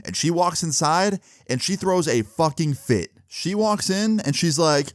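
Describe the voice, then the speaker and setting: A man's voice: a little high, animated, moderate pace, few pauses, dry recording. A young man telling a personal story in a casual, chatty way, with lots of fillers and swearing.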